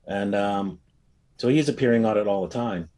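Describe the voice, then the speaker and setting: A man casually recounting a personal experience, telling it as a rambling, animated story with frequent fillers. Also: lowish voice, normal speed. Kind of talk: casual anecdote.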